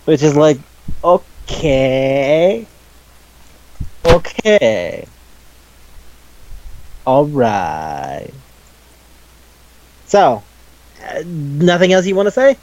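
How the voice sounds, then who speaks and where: A man's voice: fairly high pitch, sing-song, slow, long pauses, a little mellow, dry recording, dull audio. A man co-hosting a casual anime review podcast, talking enthusiastically and rambling, often laughing and acting out scenes. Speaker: podcast co-host.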